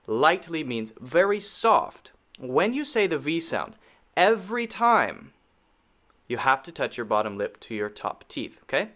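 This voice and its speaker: Slow, patient man teaching pronunciation. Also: a little high, a bit bright. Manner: patient, repeats words many times for learners. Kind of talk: slow, deliberate pronunciation lesson.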